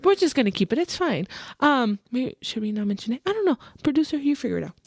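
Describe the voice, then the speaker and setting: A young woman hosting a podcast, chatting casually about her work as a hairstylist, animated and mixing in Spanish phrases. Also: sits high, quick pace, breathy edge, no echo, clean studio sound. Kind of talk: casual chat.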